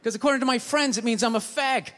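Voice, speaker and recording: A man doing a stand-up comedy routine on a theater stage, ranting and swearing, swinging from mutters to shouts. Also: very high voice, fast, noisy background. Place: large theater stage with live audience. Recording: live hall with audience.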